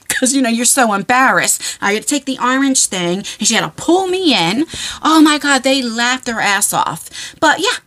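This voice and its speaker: A woman in her forties, a vlogger telling funny stories to camera in a chatty, animated way with frequent laughs and fillers. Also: fairly high pitch. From New Jersey shore area. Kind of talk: casual storytelling to camera.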